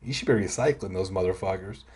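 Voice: deep voice, quick pace, darkish tone. A reader narrating a children's book aloud, adding sarcastic, profane asides. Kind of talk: audiobook reading with crude comic asides.

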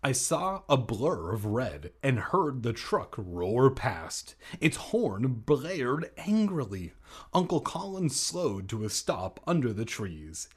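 A man's voice: medium pitch, sing-song, slow pace, breathy edge. A man reading a children's book aloud, breaking in with jokey asides. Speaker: reader.

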